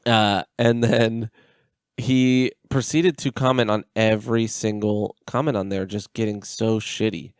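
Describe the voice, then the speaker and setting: A man's voice: lowish voice, fairly even intonation, measured pace, clean tone, no room sound, clean studio sound. A man co-hosting a casual podcast, telling an online argument story with laughs and swearing. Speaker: podcast co-host. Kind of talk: casual chat.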